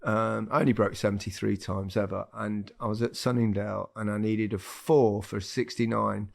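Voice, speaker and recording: An older man co-hosting a casual football chat, telling lively stories and laughing often. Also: fairly low pitch, moderate pace, gravelly. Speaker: podcast co-host.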